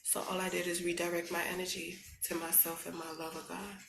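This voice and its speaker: A woman's voice: on the low side, flat delivery, fairly quick, gravelly, echoey room, over music, low-quality recording. A woman vlogger giving casual, earnest motivational talk to her viewers, chatty and faith-driven, full of you-knows and y'alls.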